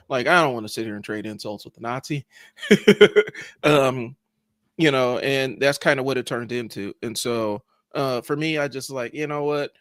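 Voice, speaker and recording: A man with an ordinary mid-range voice talks on a podcast in an easygoing way. He is sarcastic and animated and keeps reaching for "like" and "you know" as he goes. The mic is close and dry. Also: medium pitch, no echo. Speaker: podcast co-host. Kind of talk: casual chat.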